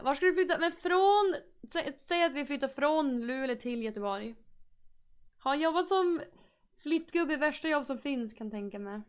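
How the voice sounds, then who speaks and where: High-voiced northern Swedish woman streamer. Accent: northern Swedish (Norrbotten). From Norrbotten, northern Sweden. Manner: chatty, restarts and repeats words, mixes English and Swedish. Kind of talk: casual chat with viewers.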